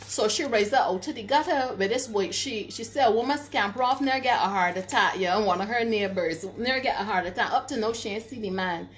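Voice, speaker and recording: A middle-aged woman, telling stories in a casual vlog, animated, laughing often, and stopping to give advice. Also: medium pitch, fairly quick, hardly any pauses. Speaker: vlogger.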